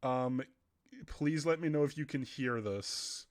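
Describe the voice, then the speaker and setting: A man's voice: medium pitch, slow pace. Chatty young man with a runny nose. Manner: rambling, chatty, often laughing. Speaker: streamer. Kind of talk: casual livestream chat. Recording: faint background music.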